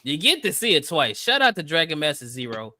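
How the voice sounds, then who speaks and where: A man co-hosting a casual podcast, giving loud, hyped shout-outs to viewers. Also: a little high, big pitch swings, fairly quick, background noise. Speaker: podcast co-host. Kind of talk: casual chat.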